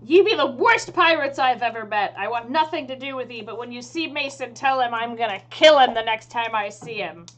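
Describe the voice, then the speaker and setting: A woman voicing a brash female pirate captain in loud mock-pirate dialect. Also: on the high side, brisk, hardly any pauses, natural voice. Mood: scornful.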